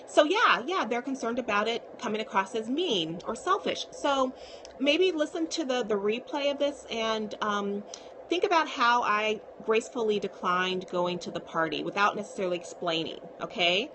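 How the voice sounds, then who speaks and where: A woman's voice: a little high, animated, normal speed, fairly bright tone, slight background noise. A woman psychiatrist talking casually to viewers on a live stream, reassuring and often checking in with "okay?".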